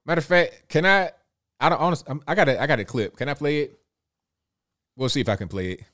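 A man livestreams in a loose, chatty way, reading out viewers' super chats, often repeating words and chuckling. His voice is a little high and a bit bright, very animated, and quick.

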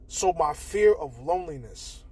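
A young man hosting a casual solo podcast, talking candidly and with plenty of swearing, swinging between loud bursts and quiet mutters. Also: on the high side, lively intonation, measured pace, slightly rough. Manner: candid, profane, shifts between loud outbursts and quiet mumbling. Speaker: podcast host.

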